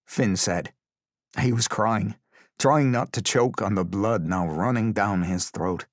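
A man's voice: on the low side, takes it slowly, dry recording, studio quality. A man reading a tense story aloud as an audiobook narrator, with intense, vivid storytelling. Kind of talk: scripted dramatic narration.

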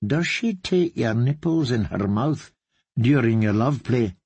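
Guy doing a creepy polite torturer, soft and slow, husky, dry mic. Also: medium pitch, lively intonation, dry recording. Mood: sinister. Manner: gentle, solicitous, quietly menacing. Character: soft-spoken, sinister older male torturer.

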